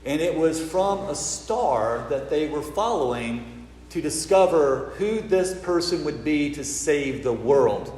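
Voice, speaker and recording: A man from the American South with a Southern accent, a priest giving a sermon and telling stories with lively quoted voices. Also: on the high side, slow, a little hiss or hum. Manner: storytelling, animated when acting out quotes. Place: church. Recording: roomy church with long reverb, faint ambience.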